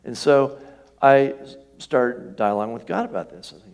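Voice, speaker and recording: Middle-aged male pastor, gravelly voice, casual conversational preaching that checks in with the room. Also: mid-range voice, moderate pace, a little mellow. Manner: conversational, asks the congregation questions. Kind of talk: sermon.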